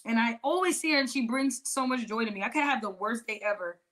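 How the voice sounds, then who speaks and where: A woman's voice: on the high side, fast talker, fairly bright tone. A woman hosting a podcast, chatting casually and rambling a little, with frequent restarts and laughs. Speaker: podcast host. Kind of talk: casual interview chat.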